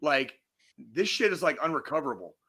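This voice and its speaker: With a fairly high, sharp voice edged with breath, a podcast co-host rants briskly, his pitch swinging widely. He's enraged and profane throughout, leaning on repetition and repeatedly restarting.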